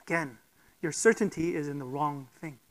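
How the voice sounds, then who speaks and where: Preacher doing a sermon, mid pitch, keeps asking questions and going "okay?" to the room. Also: normal speed, rough recording. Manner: emphatic, with rhetorical questions and frequent "okay?" check-ins.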